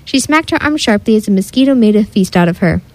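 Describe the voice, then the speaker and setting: A woman narrating a children's story in an expressive, animated way. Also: mid-range voice, fast, dry recording, rough recording.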